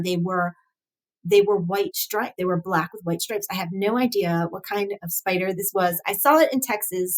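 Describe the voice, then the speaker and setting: A woman of middle pitch talks through a casual live-stream, thinking aloud as she goes. She hesitates often, restarts her sentences and laughs lightly at herself. Her tone stays chatty and relaxed. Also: rough recording. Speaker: host analysing song lyrics.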